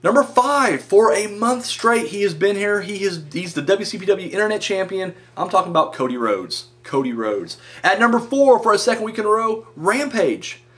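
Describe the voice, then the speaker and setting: A man's voice: high-pitched, sing-song, normal speed, few pauses, fairly bright tone. A man hosting a casual wrestling countdown vlog, rambling with frequent fillers and correcting himself as he goes. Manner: casual and joking. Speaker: wrestling review vlogger.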